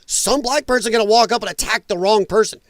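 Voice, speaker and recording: A man's voice: sits high, fast, no room sound, clean studio sound. A man hosting a commentary show, reacting to clips in an emphatic, repetitive, angry rant.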